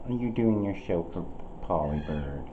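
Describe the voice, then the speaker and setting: A woman's voice: very deep voice, expressive, normal speed, background noise. Woman cooing baby talk at animals. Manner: sing-song, coaxing, repeats questions. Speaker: animal rescue caretaker. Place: animal rescue shelter. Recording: muffled lo-fi camera audio.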